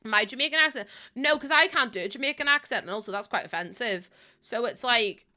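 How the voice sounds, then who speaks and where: A woman's voice: on the high side, expressive, fairly quick, pushed and bright. A woman with a Northern Irish accent, chatting casually to her viewers while building in a game, laughing often. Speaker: streamer.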